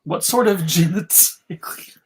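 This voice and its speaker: Slow-talking male show host, halting and self-interrupting, casual panel chat. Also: sits high, breathy edge. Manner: halting, many restarts and laughs. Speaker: podcast host.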